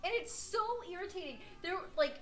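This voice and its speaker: An American woman chatting casually on a live stream, telling rambling, animated stories. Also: very high voice, fairly quick. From United States. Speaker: streaming artist.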